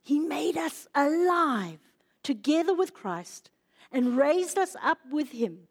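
Female preacher, high-pitched and unhurried, emotional sermon delivery that swells and falls to a hush. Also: very animated. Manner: emotional, rises loud then drops to hushed. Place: church.

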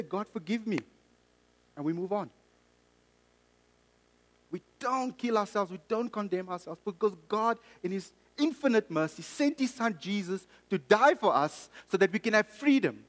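A man's voice: sits high, expressive, moderate pace, big-room sound, low-quality recording. A middle-aged man from South Africa and Mozambique preaching a sermon, earnest and personal, telling a story with frequent restarts.

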